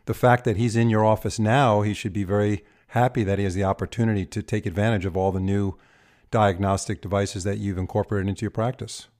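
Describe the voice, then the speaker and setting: Low-voiced man hosting a podcast. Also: a little mellow. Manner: measured, asks questions, praises answers. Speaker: podcast host, dentist. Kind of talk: podcast interview.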